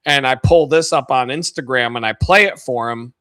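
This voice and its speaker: A man hosting his own video, telling a rambling, profane story with lots of laughter and sudden loud stretches. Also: medium pitch, normal speed. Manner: profane, laughs a lot, gets loud retelling stories. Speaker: video host.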